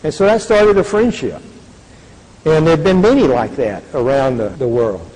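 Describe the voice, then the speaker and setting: A man's voice: on the high side, normal speed, darkish tone. An older man giving an earnest faith testimony, speaking with a preacherly, repetitive cadence. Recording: reverberant hall.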